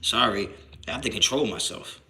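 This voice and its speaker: A man with a lowish voice speaks at a moderate pace while hosting a New Jersey sports stream, reading viewers' chat and replying. Animated and foul-mouthed, he keeps restarting and repeating himself in slang, and his annoyance quickly turns into shouting.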